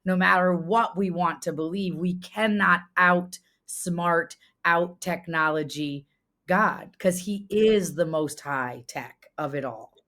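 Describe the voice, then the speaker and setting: A woman's voice: on the low side, slow, fairly bright tone. A woman in her thirties, a farmer and former restaurant owner, telling a personal story in an earnest, conversational way, full of "like" and restarts, her voice climbing when she is moved.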